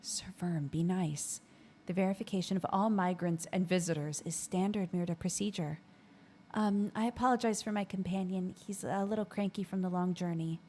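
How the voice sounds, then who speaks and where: A woman voicing a polite, earnest young lady adventurer in a courteous, measured way. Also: lowish voice, fairly even intonation, warm tone, a little hiss or hum, natural voice.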